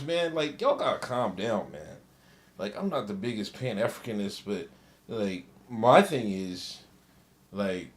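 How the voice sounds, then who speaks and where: Man, streamer commentary, slow delivery, lively pitch, laid-back and profane. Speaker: streamer reacting to a video. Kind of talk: casual reaction commentary.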